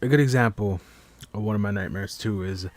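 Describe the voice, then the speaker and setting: A man's voice: on the low side, a little fast. A man hosting a casual live stream podcast from home, rambling with stammering restarts and heavy swearing. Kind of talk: casual late-night monologue. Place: at home while others sleep.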